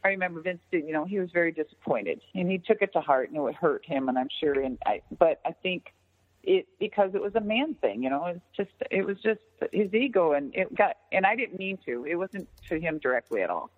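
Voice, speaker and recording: Animated woman telling stories over a tinny line. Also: fairly low pitch, a little fast. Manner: animated, swears freely, acts out quoted dialogue. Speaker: interview guest, former wrestler. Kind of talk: casual storytelling interview. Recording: tinny phone-like line with long reverb.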